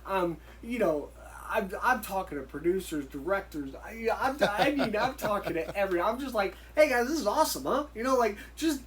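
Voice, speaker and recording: A man, a guest in an interview, telling stories in a casual, animated way and acting out the dialogue he quotes. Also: sits high, normal speed, hardly any pauses, over a noisy crowd, rough recording. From United States. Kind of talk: casual storytelling.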